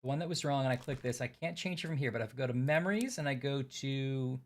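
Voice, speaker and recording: A man's voice: medium pitch, fast. A man streaming a mystery game, thinking aloud as he works through the puzzles with a friend. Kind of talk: casual game chat.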